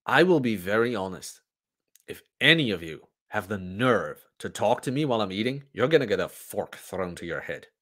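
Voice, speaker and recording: A man's voice: on the low side, sing-song, moderate pace, a bit bright. A man hosting a podcast, ranting bluntly and profanely in a casual livestream. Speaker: podcast host.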